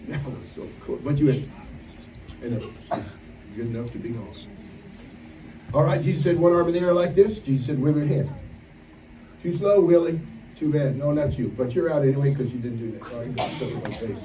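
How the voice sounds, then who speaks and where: Teasing camp preacher in an echoey hall. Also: male voice, mid-range voice. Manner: playful teasing, barking quick commands. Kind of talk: leading a game for campers. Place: camp meeting hall with campers. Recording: echoey hall, distant mic, noisy.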